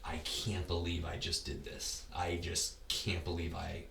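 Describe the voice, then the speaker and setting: Deep-voiced guy rambling casually, keeps restarting, bit far from the mic, faint noise behind. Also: monotone, unhurried, creaky, pushed and bright, reverberant. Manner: rambling, repeats and restarts words. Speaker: podcast guest, ultra race runner. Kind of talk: casual conversation.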